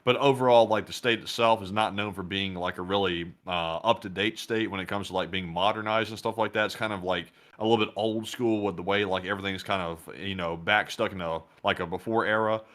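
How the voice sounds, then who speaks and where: A man's voice: sits low, steady tone, fairly bright tone. A man from Alabama with a Southern accent, co-hosting a casual livestream and rambling with lots of fillers. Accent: Southern American. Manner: quick, rambling, with frequent fillers. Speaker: co-host.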